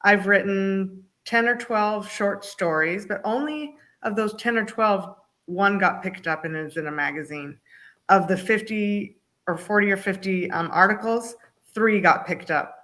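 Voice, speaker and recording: A woman's voice: mid-range voice, unhurried, a bit bright. Female guest, mid-range voice, humorous storyteller, casual talk show chat. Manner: storytelling, acts out quoted voices, uses humor.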